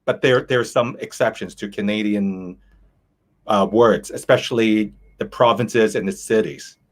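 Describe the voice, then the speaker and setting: A man's voice: lowish voice, steady tone, measured pace. Hesitant man hosting a chat. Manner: casual, hesitant, many fillers and restarts. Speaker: host. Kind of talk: interview chat.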